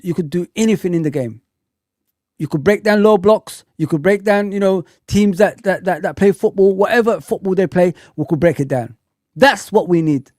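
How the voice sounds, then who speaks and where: A man hosting a casual live-stream football chat, animated and repetitive, talking straight to his viewers from a home setup. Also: sits high, no echo, studio quality.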